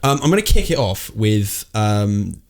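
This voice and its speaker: A man's voice: lowish voice, sing-song, a little slow, darkish tone, clear, resonant tone. A man hosting a casual pub chat podcast, blunt and sweary, teasing his co-host.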